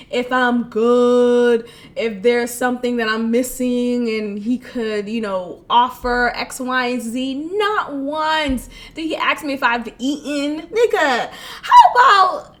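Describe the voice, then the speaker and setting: High bright-voiced woman venting candidly. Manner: emotional, laughing, frank and profane, many restarts. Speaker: podcast host. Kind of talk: candid solo podcast monologue.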